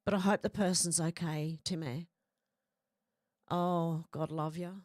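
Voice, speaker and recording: A woman's voice: fairly low pitch, steady tone, unhurried, darkish tone, no room sound, clean studio sound. Woman with a cold, chatting. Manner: chatty, apologetic, reads comments aloud. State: stuffy with a cold, runny nose. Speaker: livestream host reading viewer comments. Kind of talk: casual livestream chat.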